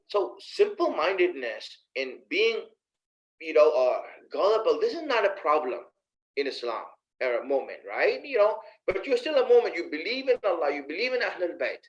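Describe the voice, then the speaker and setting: Male preacher, higher-pitched voice, chatty sermon delivery, muffled lo-fi audio. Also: sing-song, moderate pace. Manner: conversational, addresses listeners directly with rhetorical questions. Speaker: Islamic preacher.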